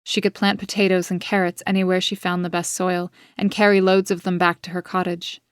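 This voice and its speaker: A woman author reading her own gothic story in an even, measured narration. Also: fairly low pitch, clear, resonant tone, dry recording, clean studio sound. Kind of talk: scripted audiobook narration.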